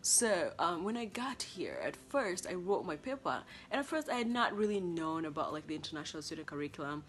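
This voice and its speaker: A young woman from Kenya with a Kenyan accent, a college student chatting to camera in a lively way about life abroad. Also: fairly low pitch, brisk, slight background noise. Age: young adult. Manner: chatty and expressive, acting out past conversations. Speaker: international college student vlogger. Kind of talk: casual vlog talk to camera.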